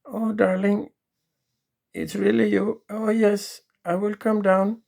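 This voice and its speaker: Man as soft devoted wife, high and gentle, slow and gravelly. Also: level tone, full character voice. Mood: sweet. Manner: soft, sweet, apologetic.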